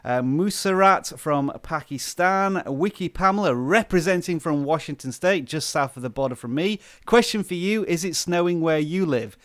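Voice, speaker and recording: A chatty man from the UK hosts a relaxed live stream, reading out viewers' names in a slightly high voice. He sits close to the microphone in a dry, dead room. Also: normal speed, few pauses, dry recording. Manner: chatty, greets viewers by name. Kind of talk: casual live stream chat. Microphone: close desk microphone.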